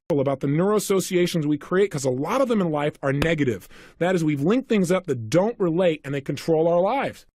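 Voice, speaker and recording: A man's voice: high-pitched, darkish tone, dry recording, studio quality. A man giving a motivational seminar talk, telling stories with animation and putting questions to his audience. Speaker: motivational speaker.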